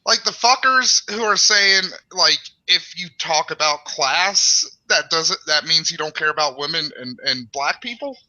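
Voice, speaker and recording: Halting man with a very bright voice. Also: on the high side, lively intonation, low-quality recording. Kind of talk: political discussion.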